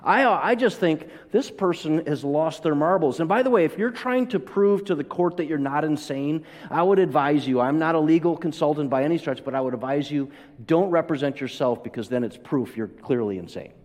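Storytelling pastor in a reverberant hall. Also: male voice, fairly high pitch, brisk, darkish tone. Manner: storytelling, acts out quoted voices, builds to emphatic peaks. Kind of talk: sermon with personal story. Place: church hall.

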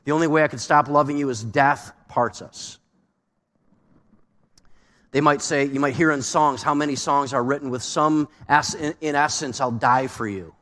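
A man's voice: fairly high pitch, normal speed, fairly bright tone. A man preaching a sermon as pastor, asking the congregation rhetorical questions with shifting emphasis. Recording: long hall reverb.

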